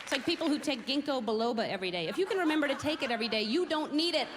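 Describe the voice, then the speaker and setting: A woman's voice: high voice, lively intonation, racing. A middle-aged woman performing a stand-up comedy routine, rambling and poking fun at herself as she tells everyday stories on a theater stage. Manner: rambling, self-mocking, observational. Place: large theater stage before a live audience. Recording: reverberant hall, crowd and background noise.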